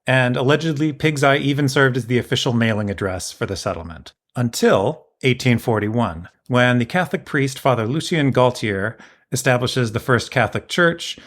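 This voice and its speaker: A man's voice: medium pitch, normal speed, fairly bright tone. A man in a middle register tells a history story as a podcast host. His delivery is casual and explanatory, with a dry, lightly sardonic edge.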